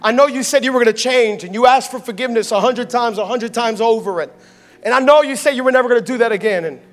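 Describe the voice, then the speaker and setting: Casting: male pastor, very high voice, lively and joking, soft music behind. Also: fast. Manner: energetic, playful preaching with audience call-outs. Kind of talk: sermon.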